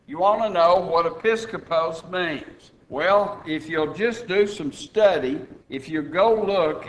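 A middle-aged male preacher delivering a sermon, dropping to quiet asides and then building to loud, emphatic points. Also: on the high side, a little hiss or hum, rough recording.

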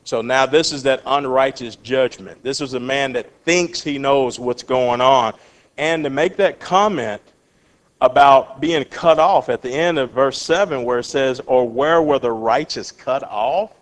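A man leading a Bible study, reading verses and acting out what people say, with lively questions to his class. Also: medium pitch. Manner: animated, acts out quotes, asks the class questions.

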